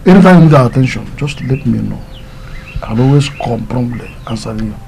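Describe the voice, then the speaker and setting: A consoling Nigerian-accented uncle. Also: male voice, mid-range voice, lively intonation, a little fast, creaky, darkish tone, slight background noise, rough recording. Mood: fatherly. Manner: consoling, fatherly. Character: caring middle-aged uncle, steady.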